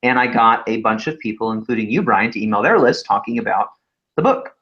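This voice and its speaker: A man in his thirties co-hosting a webinar in casual chat, telling animated stories with frequent laughs. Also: fairly low pitch, fairly quick. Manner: animated storytelling, laughs often. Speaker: webinar co-host, author. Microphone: video call. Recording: slightly dull lo-fi sound.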